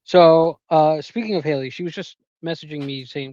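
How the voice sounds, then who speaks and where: A man's voice: fairly high pitch, normal speed, dark tone, muffled recording. A man in his thirties co-hosting a podcast, casual and joking, laughing and swearing as he tells stories. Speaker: podcast co-host. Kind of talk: casual chat.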